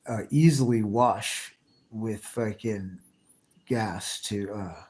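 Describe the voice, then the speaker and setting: A man's voice: lowish voice, slow, a little mellow. A man live streaming, chatting casually with his viewers and answering their comments in a rambling, slang-heavy, profane way with many restarts.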